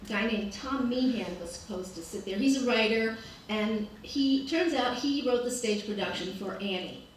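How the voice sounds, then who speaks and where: A woman's voice: fairly high pitch, normal speed. A woman telling a personal story to a live audience, wry and self-mocking, acting out what people said. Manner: wry, self-mocking, lively quoted asides. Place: art gallery event space. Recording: very echoey room, distant mic, noise.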